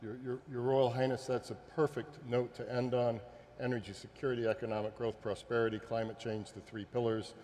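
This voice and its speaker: A man's voice: mid-range voice, flat delivery, brisk, a little mellow, a little hiss or hum. A man moderating a forum panel, polite and formal, thanking the speakers. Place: large conference hall. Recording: hall reverb, faint ambience.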